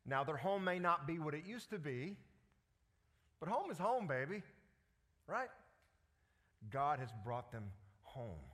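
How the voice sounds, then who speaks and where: A man preaching a sermon as pastor, animated and full of rhetorical questions. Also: mid-range voice.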